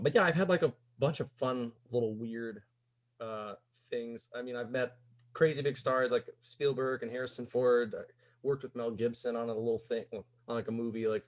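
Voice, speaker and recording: A young man from Missouri, a podcast guest telling a casual story, rambling with many "like"s and "um"s. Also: medium pitch. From Missouri, USA. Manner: rambling, peppers speech with "like" and "um".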